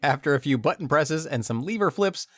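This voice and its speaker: A man's voice: on the high side, expressive, brisk, a bit bright, no echo, clean studio sound. A male podcast host retelling a video game's story, with dramatic storytelling and jokey asides.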